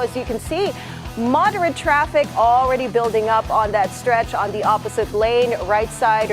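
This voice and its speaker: Upbeat female morning host, high voice, music bed. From Philippines. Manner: energetic, upbeat. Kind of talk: lively studio banter and traffic report.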